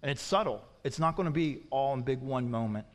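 Preaching to his congregation, a man with a mid-range voice speaks fairly quickly and poses rhetorical questions, turning forceful and emphatic whenever he issues a warning. The recording carries the long echo of a large hall.

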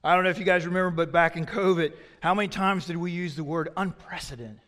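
A man with a high voice delivers a sermon like a story told to friends, leaning hard on some lines and dropping almost silent on others. His words echo with the long reverb of a large church sanctuary. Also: quick pace. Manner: conversational storytelling, swinging between loud emphasis and hushed asides. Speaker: pastor.

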